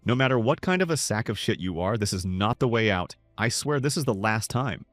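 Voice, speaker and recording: A man's voice: lowish voice, expressive, fairly quick, fairly bright tone, dry recording. A man reading the inner thoughts of a guilt-ridden young male noble student.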